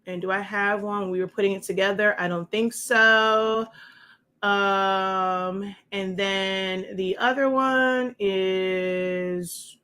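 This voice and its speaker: Bright-voiced woman giving a chatty craft tutorial. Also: medium pitch, fairly even intonation, takes it slowly, smooth. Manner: chatty, rambling, with many fillers and asides. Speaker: crafting instructor. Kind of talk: casual show-and-tell tutorial.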